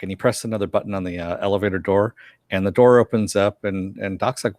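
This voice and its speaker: A man with a fairly low voice talks through a cartoon episode scene by scene in a relaxed chat. He keeps slipping into quick impressions of the characters' lines. The sound is dry and close, with no room around it. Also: no room sound. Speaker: podcast co-host reviewing a cartoon episode. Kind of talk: casual recap chat.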